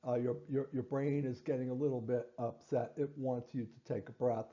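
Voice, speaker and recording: A man's voice: medium pitch, steady tone, normal speed, warm tone, lo-fi sound. A man explaining a breathing test to patients, repeating and stressing key points with fillers and restarts. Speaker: clinician teaching patients. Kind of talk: instructional explanation.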